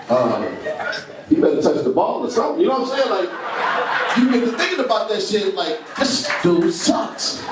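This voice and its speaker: This high-pitched man is doing stand-up comedy, spinning lively stories and bursting loudly into the quoted parts, with "you know what I'm saying" coming up often. The mic is picked up from afar in a roomy club space, backed by crowd noise and audience laughter.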